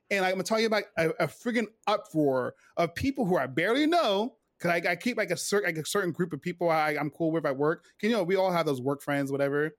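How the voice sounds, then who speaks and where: Man, forties, retired sailor, high-pitched, rambling casual storytelling, dry close sound. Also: brisk, no echo. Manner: animated, rambling with many fillers and restarts. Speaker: retired Navy veteran guest.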